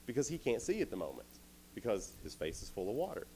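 A man's voice: lowish voice, huge pitch swings, fast talker, noisy background. A young man giving a youth sermon, telling a story playfully and speaking directly to the crowd.

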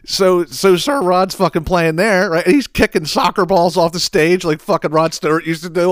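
A man's voice: high-pitched, fairly even intonation, fairly quick, hardly any pauses, no room sound, clean studio sound. A middle-aged man who hosts a podcast, telling rambling, profane stories with frequent laughs and exasperation. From southeastern Pennsylvania. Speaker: podcast host. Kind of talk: casual solo podcast rant.

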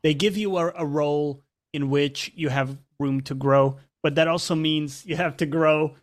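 A man's voice: fairly high pitch, steady tone, normal speed. A man speaking as a guest in a casual chat, talking in a reflective and hesitant way with many fillers.

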